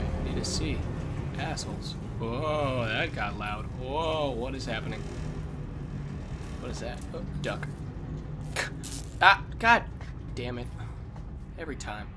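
A man with damaged vocal cords talking quietly and low as he commentates a game he is playing, coughing often. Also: background noise. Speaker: let's play host. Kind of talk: gameplay commentary. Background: game sounds and music.

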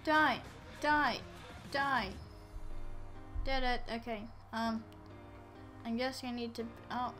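Excitable high-voiced woman playing a game. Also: slow pace, pauses often, faint music behind. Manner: excitable, yelling at enemies, playful. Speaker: gameplay commentator. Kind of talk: casual let's-play commentary.

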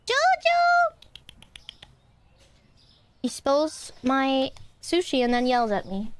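A woman's voice: high voice, a little slow, a little hiss or hum. A woman streamer chatting casually while gaming, playfully dramatic and indignant, talking to her chat and her cat.

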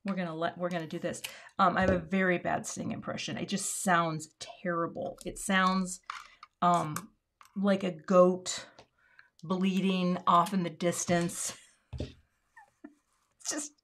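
A woman's voice: on the low side, flat delivery, measured pace, pauses often, a bit bright, a little hiss or hum. A woman hosting a card-making livestream in casual chat, thinking aloud and dropping to murmurs while she works.

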